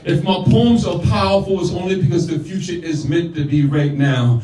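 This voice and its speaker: Mellow but on the high side, a man's voice moves at a normal pace through a live spoken word set, with punchy declamation and easy asides to the audience. The venue echoes and the mic sits far away.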